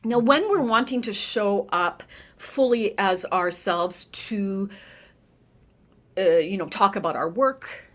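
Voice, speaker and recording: A middle-aged woman, a vocal coach, talking in a conversational podcast interview, animated and often checking in with "right?". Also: mid-range voice, takes it slowly. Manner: animated, demonstrates voices, frequent "right?".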